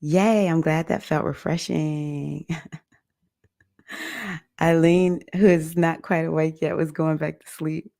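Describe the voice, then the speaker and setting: Woman, low gravelly voice, livestream host, casual chatty, laughs a lot, fillers. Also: steady tone, slow pace, long pauses, no echo, clean studio sound. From United States. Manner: warm laughing, effusive, rambling with fillers. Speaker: livestream host and mindfulness teacher. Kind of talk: casual chat reading viewer comments.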